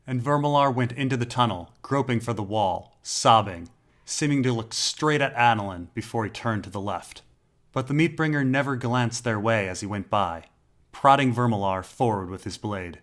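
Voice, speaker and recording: A man narrating a dark fantasy story in a slow, measured, dramatic way. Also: fairly low pitch. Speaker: audiobook narrator.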